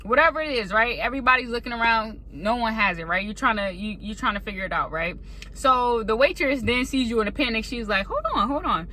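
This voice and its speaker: A woman tells a faith story straight to her viewers in a casual, animated way. Her voice is bright and a little high, and she slips into panicked voices for the people in her tale. She speaks indoors at her laptop. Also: brisk. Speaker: faith vlogger.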